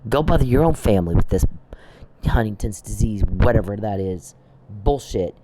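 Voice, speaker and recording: A man's voice: lowish voice, normal speed, noisy background. A man ranting angrily in a mocking, profane, taunting manner, addressing someone directly. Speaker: online commentator. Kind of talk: angry rant to camera. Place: Oklahoma.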